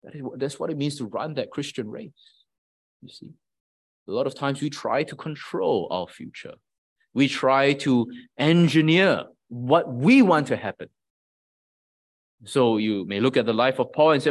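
A man's voice: medium pitch, lively intonation, a little slow. A man preaching a sermon in an earnest, emphatic way, asking rhetorical questions and often repeating words as he builds his point.

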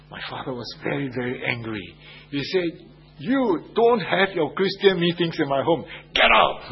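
A man's voice: medium pitch, a little hiss or hum. Man preaching on a dull radio broadcast. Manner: emphatic, repeats phrases, asks the listeners rhetorical questions. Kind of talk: sermon.

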